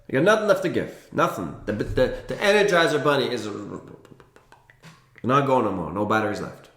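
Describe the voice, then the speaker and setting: Animated man in a roomy echo. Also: medium pitch, moderate pace. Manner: animated, emphatic, playful asides. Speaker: naturopathic health educator. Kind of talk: energetic educational talk to camera.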